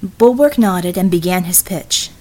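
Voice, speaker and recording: A woman narrating an audiobook in a measured, scripted style. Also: fairly low pitch, darkish tone.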